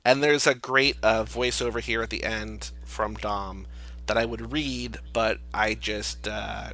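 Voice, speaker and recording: A man's voice: lowish voice, fairly even intonation, unhurried, sharp tone, low-quality recording. A male podcast co-host recapping a film in casual chat, acting out the characters' lines. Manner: retells scenes, acting out quotes, swears freely.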